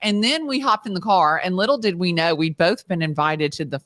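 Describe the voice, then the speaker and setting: A woman with a Southern US accent hosting an interview podcast, telling stories in an excitable, chatty way. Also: fairly low pitch, brisk. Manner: excitable, storytelling, Southern "y'all". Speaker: podcast host. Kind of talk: casual interview chat.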